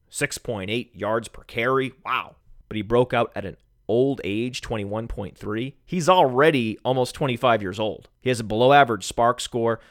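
A man hosting a sports podcast alone, sarcastic and mock-calm, who keeps bursting into shouts. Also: mid-range voice, no echo, clean studio sound. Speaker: fantasy football podcast host. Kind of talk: sarcastic solo podcast rant. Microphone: studio microphone.

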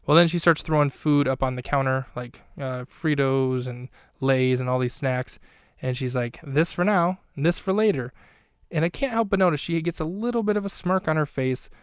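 A man hosts a podcast and retells a movie in a loose, jokey ramble that keeps correcting itself and now and then drops a curse. His voice is smooth and resonant, with a middle pitch. The sound is dry and close, with no room in it. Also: no room sound. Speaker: podcast host. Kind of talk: casual comedic movie recap.

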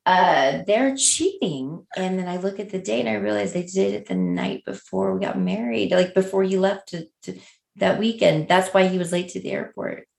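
A woman's voice: mid-range voice, fairly even intonation, brisk, vocal fry, a little mellow. A middle-aged woman chatting candidly, telling a story animatedly and acting out the voices of the people in it. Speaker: guest. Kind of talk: candid casual chat.

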